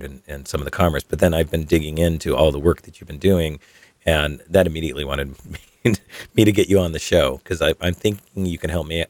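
A man with a scratchy voice hosting a casual podcast interview, chatty and relaxed, repeating words as he thinks. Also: very deep voice, no echo. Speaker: podcast host.

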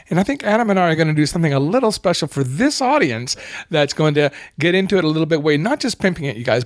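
Higher-voiced man promoting his album. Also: dry recording, studio quality. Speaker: musician guest. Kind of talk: casual podcast chat.

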